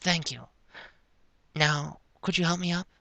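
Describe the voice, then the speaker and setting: A man voicing a dazed young filly pony who speaks in a halting, groggy way. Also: on the high side, steady tone, gravelly, sharp tone, dry recording, pitched above the performer's own voice, full character voice.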